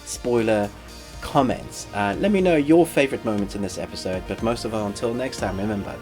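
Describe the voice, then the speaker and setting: A man with a head cold and a stuffy, congested voice, giving a chatty, relaxed spoken review. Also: lowish voice, a little fast, over music. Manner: chatty, relaxed, uses fillers. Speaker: film and TV reviewer.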